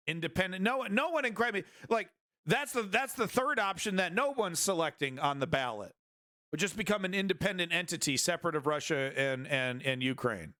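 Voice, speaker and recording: A man's voice: sits high, sing-song, moderate pace, bright, forceful tone, dry recording, studio quality. A man hosting a live-streamed news show, rambling through casual commentary with crude jokes and many restarts.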